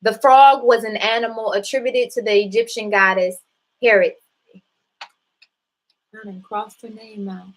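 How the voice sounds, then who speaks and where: A woman's voice: on the high side, steady tone, normal speed, hardly any pauses, rough recording. A woman hosting a casual spiritual talk, speaking bluntly and with profanity straight to her viewers. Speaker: spiritual live-stream host.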